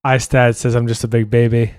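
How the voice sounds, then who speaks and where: A man hosting a casual podcast while gaming, blunt and quick to swear, reading out viewer chat. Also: mid-range voice, flat delivery, darkish tone, no echo, studio quality. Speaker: podcast host and streamer.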